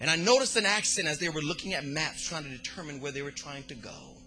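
A man preaching a sermon in a sing-song cadence, swinging between hushed, quiet passages and fervent shouting. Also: fairly high pitch, sing-song, quick pace, faint music behind.

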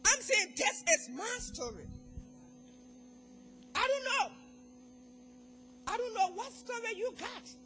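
Very high-voiced fervent African woman testifying. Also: very animated, takes it slowly, long pauses, slight background noise. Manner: fervent, swings from quiet to shouted praise. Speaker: church testimony speaker. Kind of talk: emotional church testimony.

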